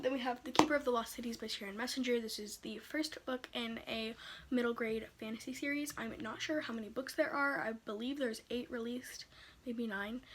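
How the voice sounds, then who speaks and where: A young woman chats eagerly at home, her voice sitting a little high. She rambles with fillers and gushes about what excites her. A faint hiss runs under the recording. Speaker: book vlogger. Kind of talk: casual chat. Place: home room.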